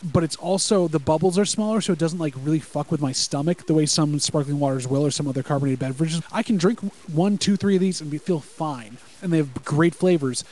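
Fast-talking man on a podcast call. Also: on the high side, a little mellow, poor audio. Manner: rapid, enthusiastic rambling with profanity. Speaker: podcast co-host. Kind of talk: casual live-reaction chat.

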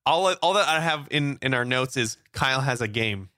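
Male co-host, sharp bright tone, animated pitch, dry booth sound, wry skeptic. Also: moderate pace, dry recording. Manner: skeptical, joking, spins absurd scenarios. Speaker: podcast co-host. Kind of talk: casual banter.

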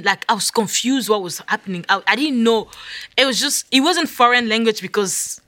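Bright-voiced African woman telling a story. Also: fairly high pitch, a little fast, dry recording. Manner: vivid, dramatic retelling with hushed whispered asides. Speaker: guest. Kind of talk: storytelling in a conversation.

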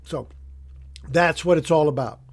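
A man's voice: a little high, a little slow. A man hosting a local radio talk show as an estate lawyer, folksy and conversational, repeating points for emphasis.

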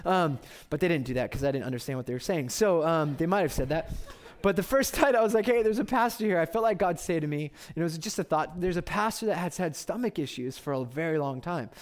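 A man in his thirties preaching a sermon, telling stories with loud excitement and then dropping to quiet reverence. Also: on the high side, fast. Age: 30s. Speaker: pastor.

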